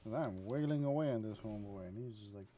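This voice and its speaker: A man's voice: lowish voice, quick pace, mellow, slight background noise. A man casually commenting on his gameplay, joking, humming and mumbling to himself. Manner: goofy, hums and sings to himself, mumbles. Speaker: gaming streamer.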